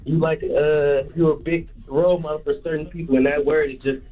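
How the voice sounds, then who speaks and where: A man's voice: a little high, level tone, brisk, soft background music. A man calling in to a radio show, earnest and a little hesitant. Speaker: caller. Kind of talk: call-in radio chat. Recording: tinny phone line.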